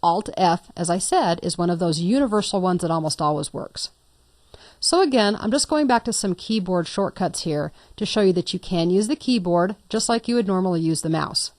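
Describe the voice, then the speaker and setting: A woman's voice: on the low side, lively intonation, normal speed, darkish tone, no room sound. Woman teaching a computer class, dry close sound. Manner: patient, step-by-step, lightly playful. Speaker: computer course instructor. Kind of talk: screen-recorded software tutorial.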